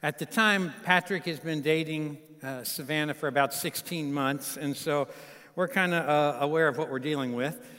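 A man's voice: fairly high pitch, normal speed. A man in his fifties, a guest pastor preaching and telling a folksy story to a church congregation. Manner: folksy, warm storytelling with audience asides. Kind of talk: sermon with storytelling. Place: large church sanctuary. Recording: live church hall reverb.

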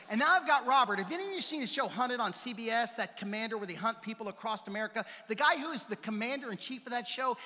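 A male pastor telling a personal story in a sermon, animated, swinging between loud outbursts and hushed quiet passages. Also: high-pitched, big-room sound.

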